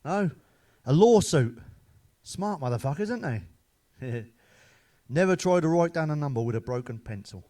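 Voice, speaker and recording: A man's voice: a little high, animated, quick pace, few pauses, darkish tone. Man, middle-aged, stand-up comic, crude one-liners, laughs at own jokes. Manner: swears freely, laughs at his own jokes. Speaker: stand-up comedian.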